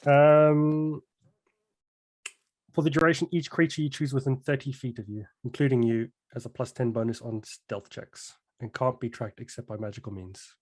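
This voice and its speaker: A man playing a tabletop game, narrating his character's actions in a measured way. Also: mid-range voice, fairly even intonation. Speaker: player.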